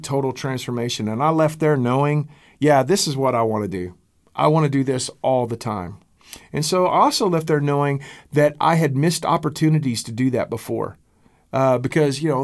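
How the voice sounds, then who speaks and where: A middle-aged American man, a pastor, telling a story in an interview in an earnest, halting way, with fillers and repeated words. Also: medium pitch. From United States.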